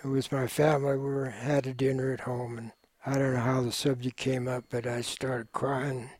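Older man recalling, measured and hesitant. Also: mid-range voice, level tone, darkish tone, no echo. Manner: measured, reflective, hesitant with fillers. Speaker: war veteran interviewee. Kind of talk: oral history interview.

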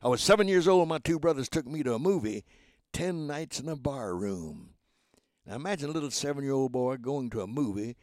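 A man in his nineties, a former voice actor, telling lively stories in a radio interview and acting out the voices. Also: medium pitch, no echo. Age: 90s. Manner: lively raconteur who acts out voices and laughs at his own jokes. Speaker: guest, voice actor and motivational speaker.

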